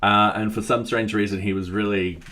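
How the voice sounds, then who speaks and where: A man's voice: on the low side, flat delivery, moderate pace, pushed and bright. A man with an Australian accent, thinking aloud in casual chat while coding on a live stream and reading out chat messages. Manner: thinks aloud, chatty and self-deprecating, reads chat.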